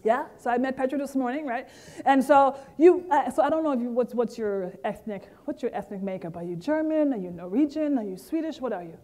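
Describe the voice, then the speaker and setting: High-voiced woman giving a lively keynote. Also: a little fast. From Caribbean. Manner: lively, interactive, talks to the audience directly. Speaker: keynote speaker. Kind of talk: motivational keynote speech.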